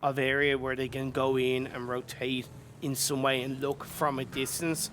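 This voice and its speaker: A man's voice: medium pitch, level tone, moderate pace, fairly bright tone, a little hiss or hum. Chatty analytical esports caster man. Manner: analytical, chatty, filler-heavy. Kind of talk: colour commentary.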